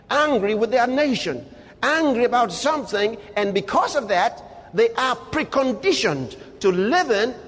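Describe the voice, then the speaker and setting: A male preacher with a high, husky voice delivers an emphatic sermon. His pitch leaps widely between low, quiet asides and loud, rising exclamations. The sound rings with a long hall reverb.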